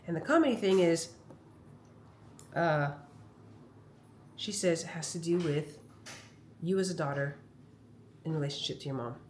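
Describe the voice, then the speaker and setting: Speaking at a measured pace with frequent pauses, this lowish-voiced woman is a comedian vlogging at home. She tells chatty, rambling, animated stories straight to her phone camera, with slight background noise in the clip.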